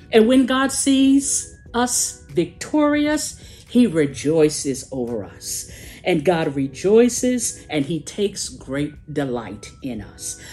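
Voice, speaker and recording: A woman preaching a sermon, slow and emphatic, with dramatic pauses and a sing-song rise and fall. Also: low voice, a little mellow.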